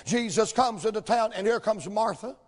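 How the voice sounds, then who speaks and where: A man preaching a folksy sermon in a church, telling the story with energy and building to shouts. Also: sits high, moderate pace. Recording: long hall reverb.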